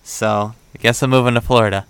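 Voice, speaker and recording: A young male podcast host talks fast in a smooth, somewhat bright, mid-range voice with fairly even intonation, recorded with no echo. In casual chat he rambles through a dating story, acting out the back-and-forth amid plenty of fillers.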